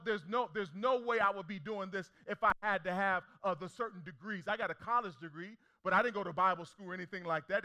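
Young guy pastor preaching, high voice, super bright and sharp, repeats lines and asks the crowd stuff. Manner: preacherly call-and-response, emphatic repetition. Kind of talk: sermon.

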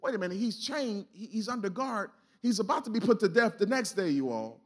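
A pastor with a high-sitting voice and lively intonation preaches at a brisk pace in a church sanctuary. He rouses the congregation with call-and-response and throws in colloquial, offhand remarks.

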